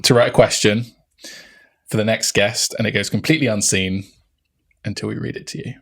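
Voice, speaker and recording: A man's voice: lowish voice, steady tone, fairly quick, vocal fry, fairly bright tone. A man co-hosting a podcast, chatting in an enthusiastic, easygoing way. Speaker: podcast co-host. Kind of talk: casual chat.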